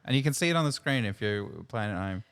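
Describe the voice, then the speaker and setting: A man's voice: lowish voice, lively intonation, fast talker, a bit bright, clear, resonant tone. A man hosting a podcast word game, upbeat and teasing as he announces each round. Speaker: podcast host running a game. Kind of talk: casual podcast banter.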